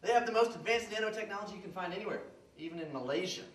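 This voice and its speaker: A man playing a smooth, pushy salesman in a live comedy sketch, with fast sales patter. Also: high-pitched. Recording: roomy stage sound from far off with hiss.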